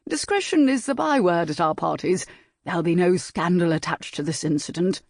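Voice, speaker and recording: A woman's voice: lowish voice, expressive, moderate pace, darkish tone, dry recording, studio quality. A woman voicing a heavy-set, jovial middle-aged lord in a period audiobook, bluff and hearty in manner.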